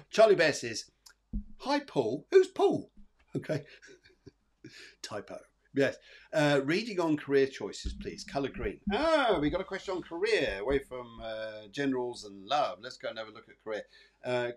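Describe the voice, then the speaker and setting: A man hosting a live psychic show, giving reassuring, rambling readings full of fillers and repeated phrases. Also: mid-range voice. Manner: rambling and repetitive, many fillers and restarts; soothing, reassuring, addresses viewers by name. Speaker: psychic medium and show host.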